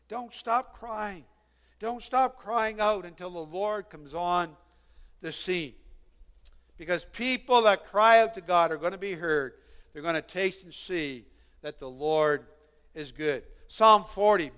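Male preacher, high and bright-toned, fervent and pleading sermon delivery, long hall reverb. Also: clean tone. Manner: earnest, pleading, rising to fervent calls.

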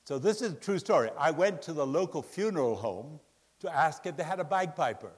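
Middle-aged preacher in a reverberant hall. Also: male voice, on the high side, brisk, breathy edge. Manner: joke-telling, swings from loud laughing excitement to quiet earnest appeals. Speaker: pastor. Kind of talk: sermon with humorous storytelling. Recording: long reverb of a large hall.

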